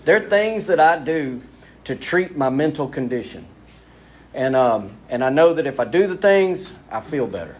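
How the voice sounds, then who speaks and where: A man giving a lively, self-mocking recovery talk as a speaker at a men's spiritual retreat. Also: fairly high pitch, normal speed. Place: retreat gathering.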